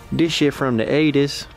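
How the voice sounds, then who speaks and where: A young man vlogging as he hunts for vintage clothes, joking around, reacting to finds with sudden excited exclamations. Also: fairly high pitch, vocal fry. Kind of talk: casual running commentary while thrifting.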